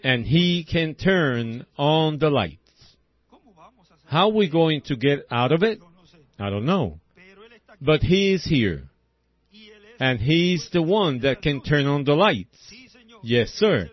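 A middle-aged man preaches in a slow, folksy rhythm, keeping his voice a little raised in pitch. He often tags his points with a short "see?". The sound is dry and dull, like an old lo-fi tape. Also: very animated, no echo. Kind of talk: sermon.

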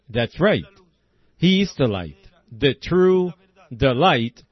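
A man's voice: mid-range voice, husky, no echo. Folksy preaching man, dull old recording. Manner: folksy, rhythmic preaching with repeated "see?". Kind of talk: sermon.

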